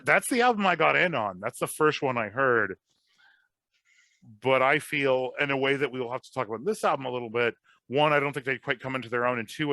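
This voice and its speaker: A man in his thirties hosts a casual podcast chat. His voice is bright and forceful, recorded dry and close with no room sound. He rambles, apologizes for talking too much, and gets animated. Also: mid-range voice, no echo. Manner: rambling, self-deprecating, animated. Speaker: podcast host.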